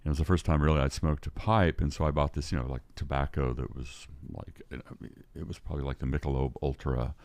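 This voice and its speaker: An older man with an extremely deep voice tells a long story in casual conversation as a podcast guest. He rambles and restarts his sentences often, and the recording sounds close and dry, with no room echo. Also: fairly even intonation, quick pace, few pauses, darkish tone.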